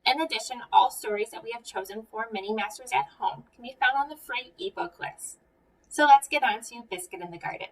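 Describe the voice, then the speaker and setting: A woman's voice: fairly high pitch, fairly quick, recorded from a distance, low-quality recording. A young woman with an American accent, a museum educator giving a friendly children's art lesson and story time, asking the viewer questions.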